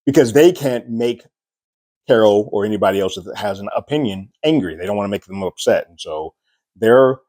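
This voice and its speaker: A man's voice: lowish voice, animated, moderate pace, darkish tone, no echo. A man giving a casual spoiler review of a TV episode, retelling scenes and acting out characters' lines with raised voices.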